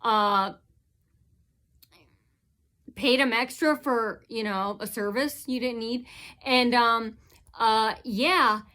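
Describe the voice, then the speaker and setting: A woman's voice: a little high, takes it slowly, pauses often, sharp tone. Rambling aggrieved woman vlogger. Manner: aggrieved, repetitive retelling with many fillers. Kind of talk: rambling personal account.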